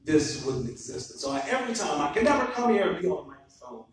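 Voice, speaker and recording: A man's voice: a little high, sing-song, quick pace. A man giving a public address as a guest speaker, earnest and reverent as he thanks the elders around him. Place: courthouse event hall. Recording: echoey hall, far from the mic.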